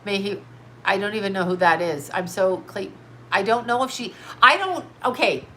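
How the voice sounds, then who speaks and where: Woman, psychic host on a livestream, stuffy nose, blunt and scattered, bright tense voice. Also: mid-range voice, moderate pace, a little hiss or hum. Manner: scattered, blunt, reads viewer comments aloud. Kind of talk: casual rambling livestream chat.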